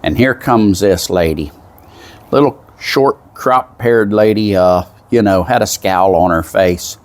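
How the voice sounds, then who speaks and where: A man's voice: lowish voice, a little slow. A man with a Southern US accent telling a folksy, meandering story in a casual monologue, full of asides. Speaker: vlogger.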